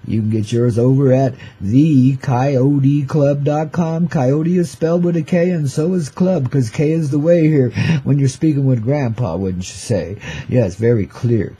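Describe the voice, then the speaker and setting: An older man hosts his own show, drifting through a laid-back rhyming monologue packed with hip slang, chuckling between lines and calling listeners "babies" and "man." His mid-range voice is warm and husky, and he takes his time.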